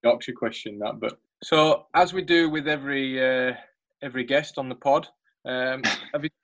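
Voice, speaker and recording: A man's voice: mid-range voice, moderate pace, a bit bright, highs cut off. A man hosting a podcast, casual and teasing as he reads out questions for his guest. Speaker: podcast host. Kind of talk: casual interview chat.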